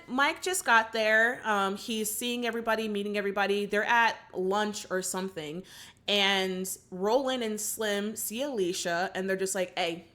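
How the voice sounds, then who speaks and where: Her voice is mid-range with a sharp tone. A young woman hosting a movie reaction channel, she casually recaps the film and chats through her opinions for viewers.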